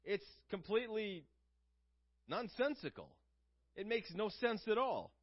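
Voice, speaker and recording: A man's voice: high voice, expressive, measured pace, highs cut off. A man preaching a sermon in an earnest, conversational way, asking his listeners questions.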